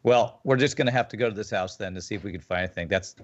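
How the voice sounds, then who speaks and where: A man's voice: on the low side, very fast, highs cut off. A man playing in a tabletop game, planning the group's next moves in a practical way. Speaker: player. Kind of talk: tabletop role-play banter.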